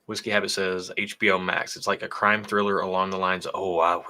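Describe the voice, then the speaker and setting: A low-pitched man with a bright, forceful tone talks casually on a livestream. He keeps a laid-back, joking manner while reading viewer messages aloud. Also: level tone, fairly quick. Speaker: whiskey channel co-host.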